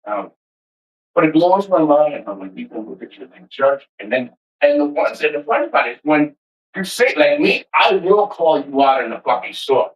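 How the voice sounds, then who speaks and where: A man ranting to camera in a passionate, energetic, heavily profane way, rambling and restarting as he makes his points. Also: a little high, normal speed, lo-fi sound. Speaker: vlogger. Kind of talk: casual rant to camera.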